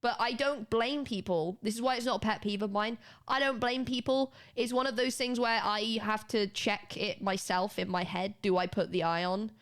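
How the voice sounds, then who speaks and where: A woman's voice: fairly high pitch, steady tone, normal speed, hardly any pauses. A British woman streaming live, chatting casually and laughing often as she teaches a spelling lesson to her viewers.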